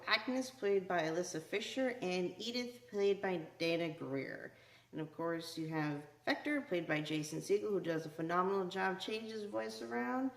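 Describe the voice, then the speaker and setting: A woman hosting a casual video movie review, talking in a chatty way with lots of "you know" and "like.". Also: mid-range voice. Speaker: movie reviewer, channel host. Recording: echoey room.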